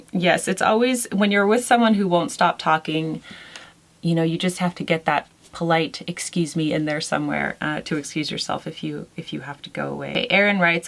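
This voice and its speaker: Relaxed woman, thirties, slightly low voice, friendly, chatty question-and-answer host, light laughs. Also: creaky. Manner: gentle, chatty, frequent soft laughs and fillers. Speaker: lifestyle vlogger answering viewer questions. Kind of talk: casual chat.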